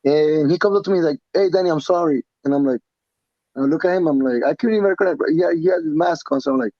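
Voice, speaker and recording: A man, a professional fighter being interviewed, talking casually in an animated, profane way with many restarts and repeats. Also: on the high side, very fast, no room sound, lo-fi sound. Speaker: pro fighter guest.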